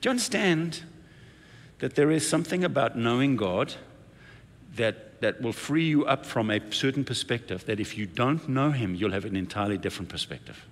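Male senior pastor, anecdotal sermon delivery, mid-pitched voice, lively quoted voices, long hall reverb. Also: normal speed. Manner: storytelling with playful acted-out quotes.

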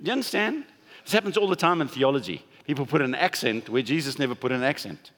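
A man's voice: medium pitch, animated, fast talker, a bit bright. A man pastor giving a conversational sermon, leaning hard on stressed words for emphasis. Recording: long hall reverb.

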